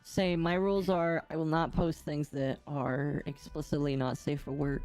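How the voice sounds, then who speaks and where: A young woman co-hosting a casual podcast, chatty and quick to laugh. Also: low voice, level tone, a little mellow, soft background music. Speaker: podcast co-host.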